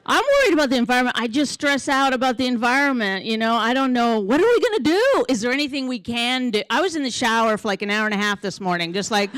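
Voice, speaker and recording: A Canadian woman doing a stand-up comedy set on stage, deadpan and chatty with the crowd. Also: a little high, fast, few pauses, clean tone, no room sound, rough recording. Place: theater stage before a live audience.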